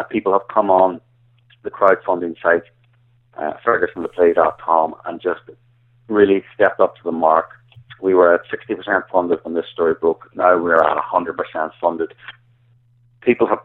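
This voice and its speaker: A man with an Irish accent, a guest calling in to an interview, talking earnestly and often stumbling and repeating words. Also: low-pitched. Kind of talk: phone-in interview. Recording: tinny phone line.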